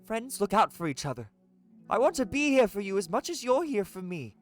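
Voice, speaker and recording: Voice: mid-range voice, big pitch swings, fairly quick, soft background music, pitched above the performer's own voice, natural voice. A streamer reading out the lines of a teenage girl who leads a club and is weighed down by guilt, in an earnest, self-reproaching voice. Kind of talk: reading visual novel dialogue aloud.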